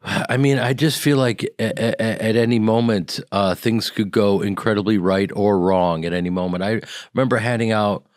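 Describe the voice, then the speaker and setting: A man from the American Midwest, an actor and comedian guest on a radio interview, telling animated stories and acting out the people in them. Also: lowish voice, moderate pace, dry recording, clean studio sound. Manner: animated storyteller who acts out quoted people. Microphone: studio microphone.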